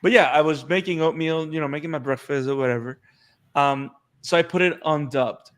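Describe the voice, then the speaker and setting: A man's voice: a little high, a little fast, a bit bright. A man co-hosting an anime podcast, chatting casually and animatedly, often repeating words as he gets going. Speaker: podcast co-host. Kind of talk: casual chat.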